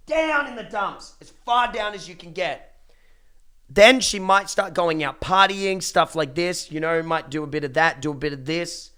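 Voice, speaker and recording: A man's voice: on the high side, fairly bright tone. A young man ranting casually to his livestream chat, blunt and profane, with many restarts. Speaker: streamer.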